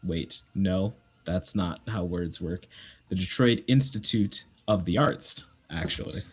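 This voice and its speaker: A man's voice: sits low, slow pace, husky. A man running a tabletop game as game master, narrating casually and correcting himself as he goes.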